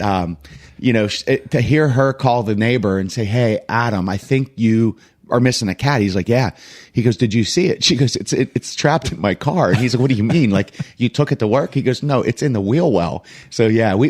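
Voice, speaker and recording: Male co-host, animated storyteller who voices the people in his stories, mid pitch. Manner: animated storyteller, acts out quoted voices, laughs while telling. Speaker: coach and podcast co-host. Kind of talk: casual storytelling chat.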